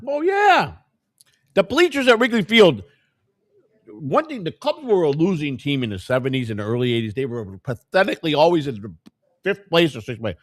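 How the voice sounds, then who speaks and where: An older American man chats quickly, his voice sitting a bit high for a man. He tells long rambling stories, circling back with restarts and acting out what others said. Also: very animated, no room sound, clean studio sound. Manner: rambling storyteller, many restarts. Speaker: co-host. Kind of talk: casual chat.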